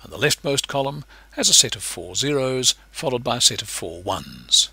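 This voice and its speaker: Male lecturer, husky bright voice, patient and explanatory, animated pitch. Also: moderate pace, no room sound. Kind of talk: recorded lecture narration.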